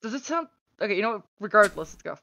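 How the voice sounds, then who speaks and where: A woman's voice: medium pitch, big pitch swings, fast talker, sharp tone. A woman chatting casually as a tabletop game player, teasing and tripping over repeated words. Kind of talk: casual chat among players.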